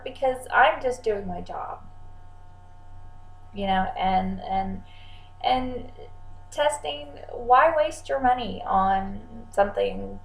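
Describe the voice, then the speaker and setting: Woman psychic giving chatty advice, mid-pitched voice, roomy echo. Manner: chatty, repeats words, acts out clients' lines. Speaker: psychic channeler. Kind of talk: casual vlog advice.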